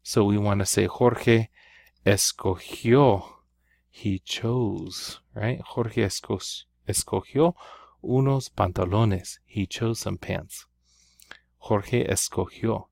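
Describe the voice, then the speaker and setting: Slow, gravelly-voiced male Spanish teacher. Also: on the low side, darkish tone, dry recording. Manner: patient, explains step by step, often checks with "right?". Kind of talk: recorded classroom lesson.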